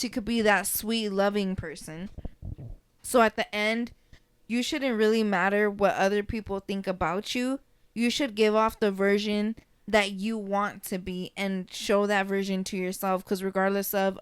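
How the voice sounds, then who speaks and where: A young woman co-hosting a casual podcast, telling stories in a chatty, animated way with plenty of swearing. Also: mid-range voice, clean tone, no echo. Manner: chatty, profane, animated storytelling. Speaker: podcast co-host.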